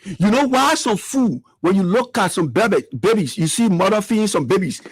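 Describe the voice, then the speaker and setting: Fiery high-voiced man. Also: animated, moderate pace, slightly rough, no room sound. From Liberia. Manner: fiery, repetitive, rhetorical questions. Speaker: political commentator. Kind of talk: impassioned political commentary.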